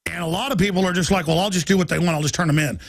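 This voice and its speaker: A man delivers an urgent, agitated talk radio monologue in a high-pitched voice, reading headlines aloud in rapid bursts and pushing into shouts. The recording is dry and close, with no room sound. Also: no echo. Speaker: radio host.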